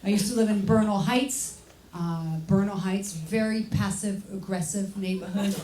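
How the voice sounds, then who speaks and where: A woman from France with a French accent, performing a stand-up comedy set in a sardonic, deadpan manner with frequent cursing. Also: mid-range voice, moderate pace. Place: comedy club stage. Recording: echoey club, distant mic, audience noise.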